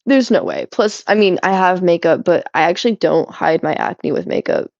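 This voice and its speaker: A young woman streaming, chatting casually with her chat and swearing a lot, animated and giggly. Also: lowish voice, moderate pace, creaky, no room sound, lo-fi sound. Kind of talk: casual chat reading chat while cleaning.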